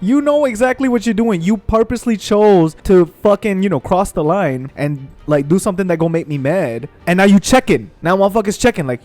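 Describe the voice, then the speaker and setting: A young man with a slightly high voice rants through his gameplay commentary, swearing freely and getting worked up. His delivery is loose and animated. Faint game music plays underneath. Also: brisk, hardly any pauses, no echo. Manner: profane, animated ranting with mocking voices. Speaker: gaming streamer. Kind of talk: casual gameplay commentary rant.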